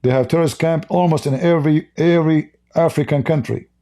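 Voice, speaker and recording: A man runs a live stream with a fairly high, dark-toned voice, speaking briskly with fairly even intonation. His English, a second language, is broken, and his commentary on viewer chat, which he reads aloud, is heated, blunt, and mocking.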